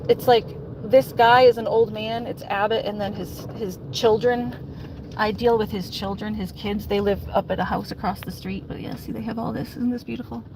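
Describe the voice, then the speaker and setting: A woman's voice: medium pitch, moderate pace, gravelly. Tired woman chatting in a noisy car. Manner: chatty, laughs often, many fillers like "like"; keeps her voice quiet and calm on purpose. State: tired with a headache. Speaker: vlogger. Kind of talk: casual chat while driving. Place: in a car on country roads. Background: vehicle noise.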